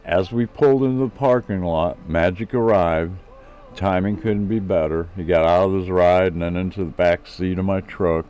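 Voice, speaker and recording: A man's voice: sits low, steady tone, moderate pace, a little mellow, clear, resonant tone. A man reading his own first-person story aloud in a plain storytelling manner with small restarts.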